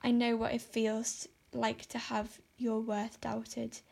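A woman's voice: on the high side, completely flat delivery, takes it slowly, vocal fry, darkish tone, exaggerated voice. A woman voicing a dramatic, despairing young orphan girl who pleads and exaggerates. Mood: pleading. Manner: melodramatic, pleading.

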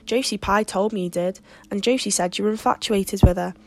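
Sensitive teenage girl, reproachful tone, read by a woman, mid pitch. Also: a little fast, close to an everyday voice.

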